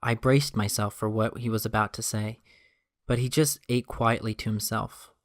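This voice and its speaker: A man narrating a first-person story in a steady, even reading voice. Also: lowish voice, normal speed.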